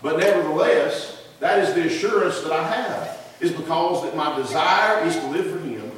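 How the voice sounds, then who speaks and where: A man's voice: fairly high pitch, expressive, moderate pace. A middle-aged man with a Southern US accent preaching a sermon as pastor, folksy and self-deprecating, rambling through asides. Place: church sanctuary. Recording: very echoey church room, mic far off, faint hiss.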